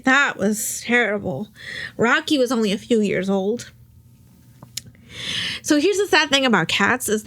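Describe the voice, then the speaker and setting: A woman's voice: medium pitch, fairly bright tone. A young woman hosting a podcast, recapping a drama in casual chat, rambling and emotional, close to tears at times. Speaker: podcast host.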